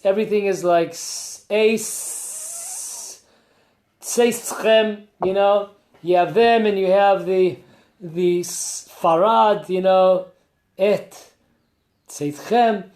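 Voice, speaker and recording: A man's voice: sits high, darkish tone. A man, a rabbi, giving a conversational Torah class with rhetorical questions and asides. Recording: echoey room.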